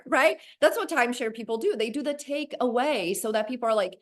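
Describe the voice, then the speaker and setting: A woman giving a motivational sales training on a video call, animated and acting out conversations in a bright higher voice. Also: fairly quick, few pauses. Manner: animated, acts out dialogue in a bright high voice.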